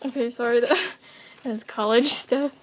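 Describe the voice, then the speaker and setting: A woman's voice: a little high, fairly even intonation, a little slow. A young woman chatting casually while unboxing an album, gushing, giggling and gasping between remarks. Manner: gushing, giggly, with sudden gasps and squeals. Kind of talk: excited casual unboxing chat.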